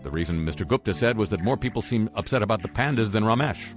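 A man's voice: on the low side, animated, quick pace, faint music behind. A man hosting talk radio, reading news items with sarcastic, wry asides. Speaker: radio host.

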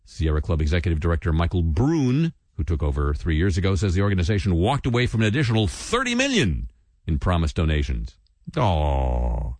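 Low-voiced male host with wide pitch swings, reads news with sarcastic asides. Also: wildly swooping pitch, fast talker, a little mellow, no room sound. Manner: sardonic asides and mock voices between read news items. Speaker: radio commentary host. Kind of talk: satirical news commentary.

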